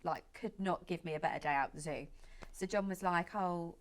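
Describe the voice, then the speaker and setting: A woman's voice: lowish voice, a little fast. A woman in her late twenties, a guest make-up artist, telling a long story in casual chat with lots of fillers and quoted speech. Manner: chatty, lots of "like" and reported speech.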